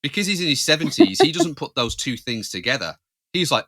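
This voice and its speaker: A man's voice: on the high side, very animated, fast, sharp tone. A man co-hosting a podcast, telling family stories in casual chat, laughing often and acting out voices. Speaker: podcast co-host.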